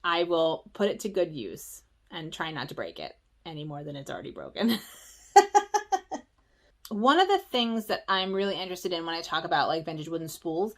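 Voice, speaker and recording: A woman from the Philadelphia area chatting casually at home for her stitching vlog, excitable and rambling, with quick asides. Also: on the low side. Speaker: stitching vlogger.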